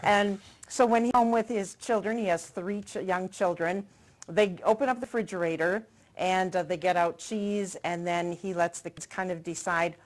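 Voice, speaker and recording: With a lowish voice, a steady tone, and normal speed, a middle-aged woman hosts a casual cooking segment on local TV. She tastes the food while chatting in a friendly, promotional way.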